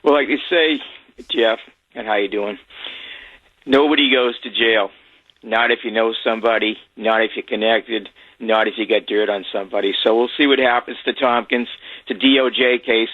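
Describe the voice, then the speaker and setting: A man's voice: mid-range voice, steady tone, moderate pace, no echo. A man calling in to a radio show, rambling and cynical, heard over a phone line. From Massachusetts. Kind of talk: call-in commentary.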